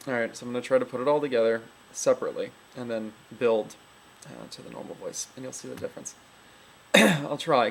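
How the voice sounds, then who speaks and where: A woman's voice: extremely low pitch, vocal fry, a little hiss or hum, poor audio. A woman giving a casual, rambling voice tutorial, full of fillers and frequent laughs. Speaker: voice coach.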